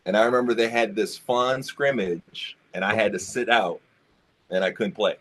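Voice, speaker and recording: A man's voice: on the low side, steady tone, moderate pace, fairly bright tone. A man on a discussion panel telling a personal story, acting out the quotes and speaking in casual slang. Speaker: roundtable panelist.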